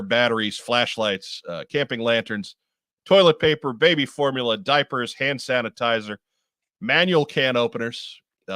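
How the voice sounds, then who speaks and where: A man's voice: mid-range voice, a bit bright, no echo, studio quality. Chatty man reading toy news. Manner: chatty, many uh fillers. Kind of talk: casual chat.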